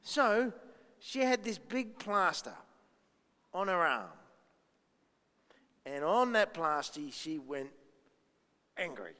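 A man's voice: sits high, very animated, slow pace, pauses often, pushed and bright, long reverb tail. A man giving a playful children's talk at church, asking the kids lots of questions. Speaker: children's minister.

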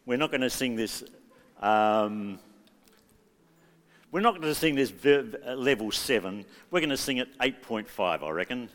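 Guy leading worship at church, slow and jokey, lots of ups and downs in his voice, big echoey hall. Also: medium pitch, animated, a bit bright. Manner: jokey, chatty instructions to the congregation. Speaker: worship leader. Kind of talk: leading congregational singing at a church service.

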